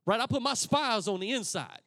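Animated pastor telling a story. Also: male voice, sits high, brisk, no echo, studio quality. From Texas. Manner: animated, acts out voices of friends and himself. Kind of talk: storytelling sermon.

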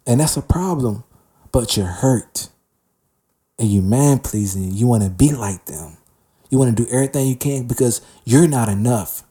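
A man's voice: medium pitch, expressive, normal speed, warm tone. A young man giving a candid spoken testimony about his faith, in street slang, often restarting and calling the listener man or bruh. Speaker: Christian speaker sharing testimony.

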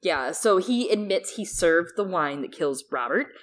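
Low-voiced woman podcast co-host. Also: a little slow. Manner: relaxed, summarizing and reading passages. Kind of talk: casual book discussion and reading aloud.

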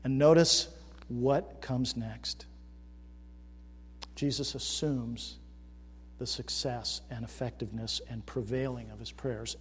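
Emphatic preacher in a reverberant hall. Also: male voice, mid-range voice, steady tone, slow pace, pauses often, breathy edge. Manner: builds from quiet reflection to loud emphatic questioning. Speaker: pastor. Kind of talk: sermon.

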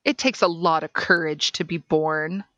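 A woman podcast host reading a case transcript aloud in a measured, deliberate way. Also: sits low, steady tone, fairly bright tone, dry recording.

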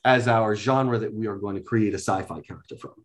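A man, a guest, explaining things step by step in a casual talk, often pausing with "um". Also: on the low side. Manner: explains methodically, with many hesitations and "um"s. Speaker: guest, card deck inventor.

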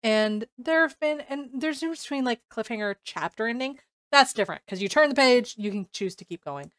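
A woman's voice: fairly high pitch, fairly quick, dry recording. A woman talks books in a loose, casual podcast chat and slips into little acted-out reactions as she goes. The sound is dry and close, with no room around her. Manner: animated, acts out her own reactions. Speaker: podcast co-host.

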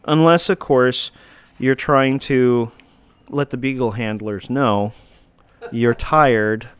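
A man's voice: medium pitch, fairly even intonation, takes it slowly, clean tone. A middle-aged man hosting a talk show, reading out rules in a dry, joking way. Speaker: host. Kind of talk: casual talk show banter.

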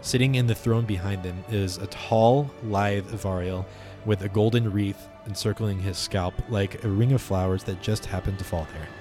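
A man's voice: fairly low pitch, fairly even intonation, normal speed, music in the background. A man narrating descriptively as game master of a tabletop game. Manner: descriptive, with fillers.

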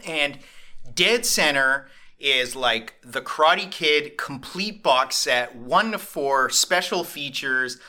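A podcast host chatting casually and telling a rambling, animated story. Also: male voice, mid-range voice, slow.

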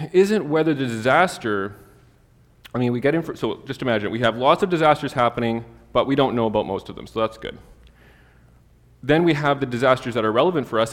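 Chatty male preacher in a reverberant hall. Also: medium pitch. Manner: conversational and humorous, with lively asides and Bible readings. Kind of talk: sermon.

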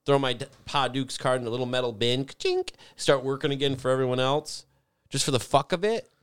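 A man's voice: medium pitch, brisk, clear, resonant tone, no room sound, clean studio sound. A man in casual chat, telling a story animatedly, swearing often and acting out the people in it. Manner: animated storyteller, swears a lot, acts out voices.

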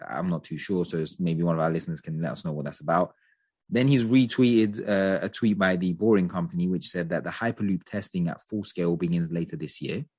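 A deep, husky-voiced man talking casually on a podcast. He gives his opinions with animation, hedging as he goes. His voice sounds dry and close to the mic. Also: a little fast, no room sound. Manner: chatty, animated opinions with frequent hedges. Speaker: podcast co-host.

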